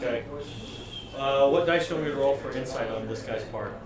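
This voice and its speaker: A man's voice: medium pitch, moderate pace, roomy sound, distant mic, a crowd in the background. A man narrating a tabletop game as dungeon master, loose and rambling, laughing often.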